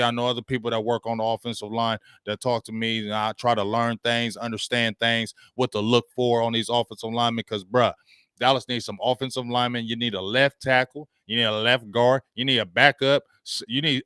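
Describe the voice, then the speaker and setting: A man hosting a sports talk show, ranting about his team in slangy, animated talk and reading out viewer comments. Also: medium pitch, smooth, dry recording, studio quality.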